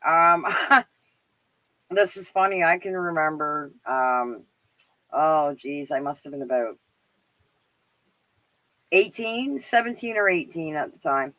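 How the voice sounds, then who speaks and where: A woman's voice: low voice, animated, slow pace, pauses often, fairly bright tone, no room sound, poor audio. A middle-aged Canadian woman with a Canadian accent hosting a live stream, chatting casually and rambling with lots of fillers and laughs. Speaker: livestream show host.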